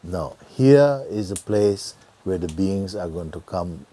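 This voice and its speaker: A middle-aged man giving a gentle satsang talk as a spiritual teacher, often dropping to a near whisper and laughing easily. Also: sits low, expressive, takes it slowly, few pauses. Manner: laughs easily, joyful and earnest.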